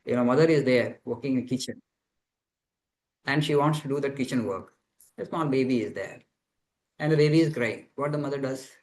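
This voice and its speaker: Over a rough-sounding video call, a monk teaches students spiritually, responding to their questions in earnest and repeating phrases while hunting for the right words. He talks fairly quickly with long pauses, in a medium-pitched, somewhat mellow voice.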